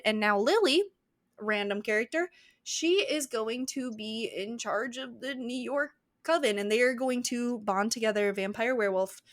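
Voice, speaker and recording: A woman's voice: a little high, fairly bright tone, no echo, studio quality. A woman co-hosting a podcast, recapping a novel in a chatty, rambling way. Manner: chatty, rambling, swears and laughs. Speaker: podcast co-host. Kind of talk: casual book-recap chat.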